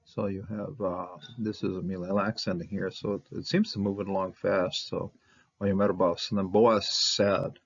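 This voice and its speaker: A man's voice: low-pitched, flat delivery, normal speed, gravelly, few pauses, breathy edge, dull audio. A man teaching a verse-by-verse Hebrew Bible lesson, rambling with many fillers and restarts.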